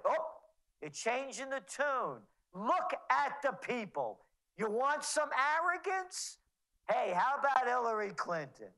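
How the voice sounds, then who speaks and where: A man's voice: extremely high pitch, sing-song, takes it slowly, sharp tone, rough recording. A man speaking as a guest on a talk radio show, sarcastic and indignant, mocking the people he names. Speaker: guest commentator.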